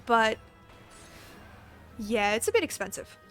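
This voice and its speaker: A woman's voice: a little high, big pitch swings, slow, a bit bright, soft background music. Giggly woman game streamer. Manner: chatty, giggly, swears casually. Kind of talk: casual live-stream chat.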